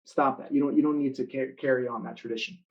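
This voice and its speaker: A man giving a motivational talk to students in an online live session, telling stories with lively acted-out quotes. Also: medium pitch, fast, highs cut off. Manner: animated storytelling, acting out quoted lines. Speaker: motivational speaker.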